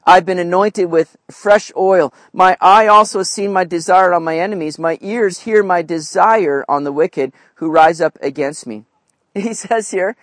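A man's voice: high voice, moderate pace, a bit bright, no echo. A man preaching a conversational sermon, often checking in with his listeners. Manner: conversational, asks "right?" often. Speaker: pastor.

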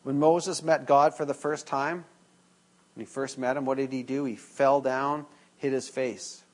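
A man's voice: medium pitch, little pitch movement, a little slow. A man preaching a sermon in a casual, conversational way, acting out a classroom story and joking with the congregation. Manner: conversational, acts out dialogue with students, jokes with congregation. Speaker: pastor.

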